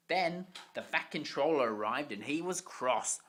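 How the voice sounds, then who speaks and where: Slow bright storybook reader. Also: medium pitch, lively intonation. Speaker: narrator. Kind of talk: amateur storybook reading.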